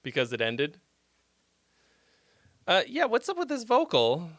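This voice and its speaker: Bright, slow-talking livestream host. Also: male voice, sits high, huge pitch swings, no room sound. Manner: chatty, swears, laughs often, mutters to himself. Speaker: livestream host giving song feedback. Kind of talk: casual livestream chat.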